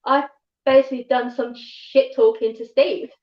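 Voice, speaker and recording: A woman with a London-tinged southern English accent, chatting casually as a livestream guest and rambling quickly with restarts. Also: sits high, fairly even intonation. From England, north of London. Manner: fast-talking, rambling with restarts. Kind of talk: casual chat. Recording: echoey, dull livestream audio.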